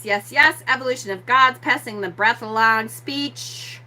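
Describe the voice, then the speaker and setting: A woman hosting a live stream, teaching and answering chat comments, speaking slowly and repeating key words for emphasis. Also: a little high, sharp tone. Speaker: host of a witchcraft channel.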